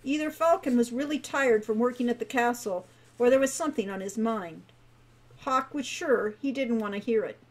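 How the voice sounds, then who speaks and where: A woman's voice: fairly high pitch, moderate pace, low-quality recording. A woman author giving a live reading of her young adult fantasy novel, narrating steadily and expressively.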